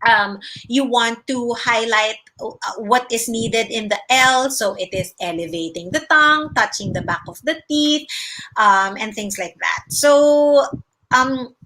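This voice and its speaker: A Filipino woman hosts a casual livestream and answers parents' questions as a speech-language pathologist. Her voice sits a bit high and sounds bright and forward. She explains things patiently and slips between English and Tagalog. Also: unhurried, low-quality recording. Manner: explains patiently, demonstrating mouth sounds with emphasis; greets viewers by name.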